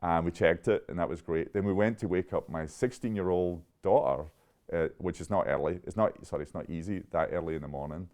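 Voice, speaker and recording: Man in his 50s, deep voice, animated storyteller who laughs as he talks, interview setting. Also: a little fast. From Scotland. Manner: animated, laughing often, restarts mid-sentence. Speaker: interviewee, chemist.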